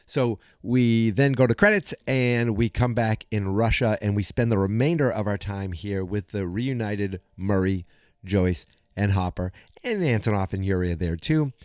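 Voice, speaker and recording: A man hosts a podcast and recaps an episode in a chatty, animated way. His voice sits a little low. The recording is close and dry with no room sound. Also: normal speed, no room sound. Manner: chatty, animated storytelling with many fillers and restarts. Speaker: podcast host.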